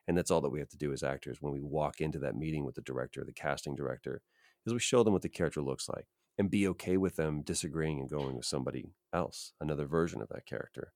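A man's voice: rumbling low, a little mellow, dry recording, studio quality. A man, a voice actor and podcast guest, talking earnestly and reflectively as he gives advice. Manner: earnest, emphatic, advice-giving. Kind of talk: reflective interview talk.

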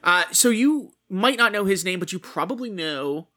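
A man's voice: high voice, expressive, normal speed, bright, forceful tone. A man co-hosting a casual gaming news podcast, profane and punchy, reading stories and quotes aloud. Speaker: podcast co-host.

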